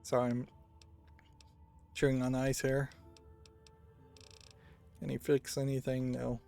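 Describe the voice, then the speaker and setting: Brief: unhurried male let's-play commentator, gravelly and dark, thinking out loud. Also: medium pitch, completely flat delivery, faint music behind. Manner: unhurried, thinks aloud with musing hums. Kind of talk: casual gameplay commentary.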